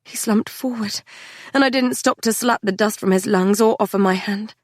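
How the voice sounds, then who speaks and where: A woman reading a dark fantasy novel aloud in the first person, intense and measured. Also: mid-range voice, no room sound, clean studio sound. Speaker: audiobook narrator. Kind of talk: dramatic first-person audiobook narration.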